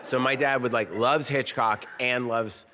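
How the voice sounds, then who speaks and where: A man in his fifties, a film director and actor, talking on stage at a live podcast taping and telling lively stories that break into quoted movie lines. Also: medium pitch, unhurried. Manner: animated storyteller who bursts into quoted movie lines. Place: on stage at a film festival before an audience. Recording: long hall reverb.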